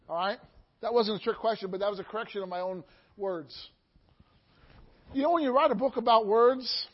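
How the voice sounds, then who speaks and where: In a muffled, dull recording, a very high-voiced, middle-aged preacher ranges from hushed remarks to loud, soaring cries during his sermon. He leans on call-and-response, repeatedly asking the congregation "Amen?"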